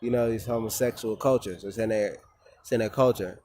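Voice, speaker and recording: A man's voice: on the low side, a little fast, a little mellow, a little hiss or hum. A man in a rambling, profane casual monologue who often repeats himself and restarts. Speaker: vlogger.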